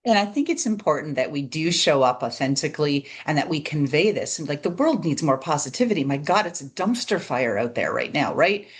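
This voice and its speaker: In a conversational business-podcast interview, a woman host chats with her guest, often checking in and tagging her statements with "right?". Her low voice is very animated and a little fast, with hardly any pauses.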